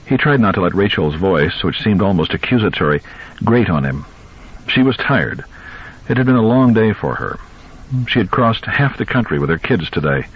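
A man narrating an audiobook in an expressive, measured reading. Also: low-pitched, husky, muffled recording. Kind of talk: scripted narration.

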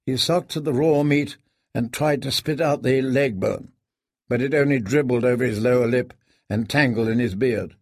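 A man reading an audiobook in a measured, grave storytelling manner. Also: mid-range voice, no echo, studio quality. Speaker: narrator. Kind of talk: scripted audiobook narration.

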